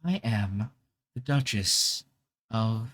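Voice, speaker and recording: A man putting on a gracious older woman's voice with a put-on British accent, speaking slowly and grandly. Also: lowish voice, fairly bright tone.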